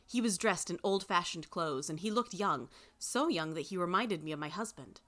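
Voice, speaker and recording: A woman reading a first-person story aloud in an expressive way. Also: on the low side, moderate pace. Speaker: reader.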